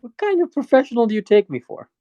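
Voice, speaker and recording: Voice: medium pitch, very animated, fast, dark tone, dry recording, dull audio, pitched above the performer's own voice, close to an everyday voice. A game master voicing a touchy, proud male security guard who is defensive and indignant.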